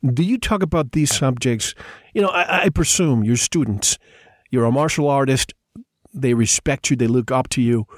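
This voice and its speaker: A man's voice: mid-range voice, normal speed, dry recording, studio quality. A man hosting a casual podcast, asking his guest questions in a curious, conversational way. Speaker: podcast host, interviewer.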